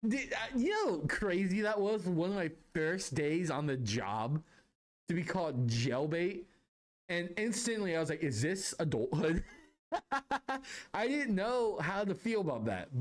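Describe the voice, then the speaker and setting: A young man hosting a casual solo podcast, telling stories in a rambling, self-deprecating way that keeps wandering off on tangents. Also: on the high side. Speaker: podcast host.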